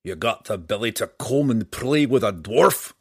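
A man's voice: fairly low pitch, expressive, normal speed, husky, dry recording, studio quality. A man doing a roaring, growling dwarf warrior. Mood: taunting. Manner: growling, brogue-like turns of phrase. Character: gruff stubborn male dwarf warrior.

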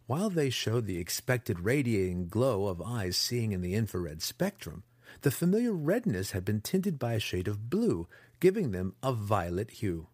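A man narrating a fantasy audiobook in an expressive, dramatic storytelling style on a close mic. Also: fairly low pitch, moderate pace, no echo.

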